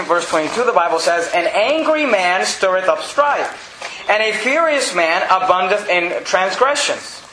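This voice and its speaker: A man preaching in a church, his voice high and bright, with echo ringing off the room around him. He reads scripture slowly and deliberately, then rises to loud, emphatic peaks in a folksy preaching manner. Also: a little hiss or hum. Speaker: pastor. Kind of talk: sermon. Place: church sanctuary.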